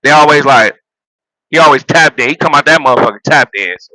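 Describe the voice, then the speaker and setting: A man ranting casually about football, animated and profane, laughing at his own jokes and repeating himself as he builds his points. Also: mid-range voice, fairly quick, no echo, low-quality recording. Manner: repeats phrases and restarts while building a point. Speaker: sports vlogger and football fan. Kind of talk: casual sports rant.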